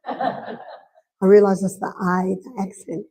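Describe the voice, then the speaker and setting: Mellow-voiced Australian woman lecturing. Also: medium pitch, level tone, takes it slowly, rough recording. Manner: conversational, repeats points for emphasis, tells anecdotes. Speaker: health lecturer. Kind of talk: live health lecture. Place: church hall.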